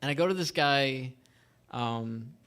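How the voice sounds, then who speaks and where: A man in his thirties from Staten Island spins a loose, rambling story on a casual podcast. His voice sits at a middling pitch, and he chuckles here and there as the anecdote wanders along. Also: takes it slowly, a bit bright. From Staten Island, New York. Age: 30s. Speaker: podcast co-host. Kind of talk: casual chat.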